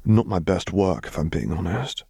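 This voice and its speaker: A man reading aloud voices Caitlin, a gentle, composed young woman who speaks quietly and slowly. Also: sits low, lively intonation, vocal fry, breathy edge, no echo, studio quality, full character voice. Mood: calm. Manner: soft, quiet and measured.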